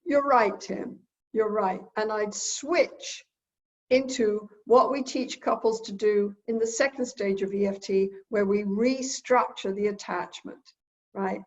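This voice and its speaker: A woman couples therapist teaches earnestly from home. She repeats her key phrases and acts out the quotes she gives. Her voice sits at a middle pitch, and the recording sounds dull and lo-fi. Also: steady tone, a little slow. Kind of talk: lecture-style talk recorded at home.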